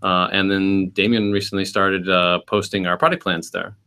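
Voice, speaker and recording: A man's voice: low voice, little pitch movement, normal speed, sharp tone, clean tone. A man guesting on a live chat, answering in dry, brief quips and explaining things plainly. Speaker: co-host guest.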